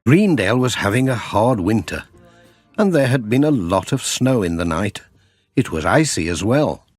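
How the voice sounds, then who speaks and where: A man's voice: fairly low pitch, no echo, studio quality, soft background music. A man reading a children's storybook aloud as an audiobook. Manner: slow, expressive reading. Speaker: audiobook reader.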